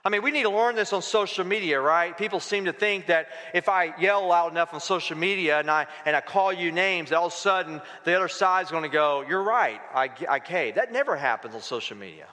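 High-voiced man preaching in a big hall. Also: lively intonation, quick pace, hardly any pauses, sharp tone. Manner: conversational preaching with rhetorical questions. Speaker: pastor. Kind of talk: sermon. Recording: reverberant hall.

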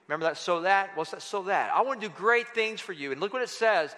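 High, bright-voiced man preaching. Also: fast, few pauses. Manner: emphatic, rhetorical questions to the congregation. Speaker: pastor. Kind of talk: sermon. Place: church sanctuary. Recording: church hall reverb.

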